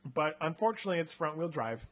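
A man's voice: on the high side, big pitch swings, quick pace, a bit bright. A young man casually retelling a story on a comedy podcast, chatty and playful, with lots of filler words. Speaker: podcast host reading a choose-your-path book aloud.

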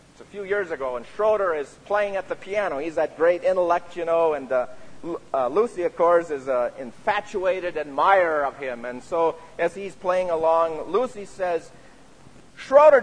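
A man preaching a sermon as a pastor, speaking earnestly and often adding "you see" as he makes his points. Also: on the high side. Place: church sanctuary. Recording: reverberant church sanctuary.

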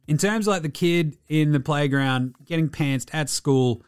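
Blunt Australian man talking sport. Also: fairly high pitch. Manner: blunt, excitable, swears freely. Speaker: podcast host. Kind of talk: casual sports podcast chat.

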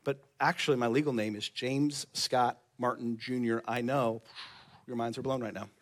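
A man's voice: mid-range voice, steady tone, normal speed. A male pastor preaching a sermon in a church, conversational and joking with the congregation.

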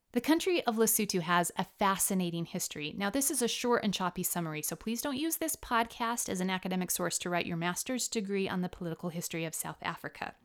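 A woman's voice: lowish voice, clean tone. American woman narrating a travel podcast. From United States. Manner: explanatory, spells out words and pronunciations. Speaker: podcast host. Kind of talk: scripted storytelling narration.

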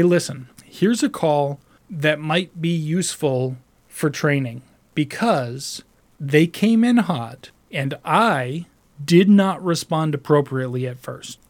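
Man, somewhat higher voice, casual profane storyteller; rambling, restarts often, animated. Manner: animated, mimics other voices while retelling. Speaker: call center customer service agent.

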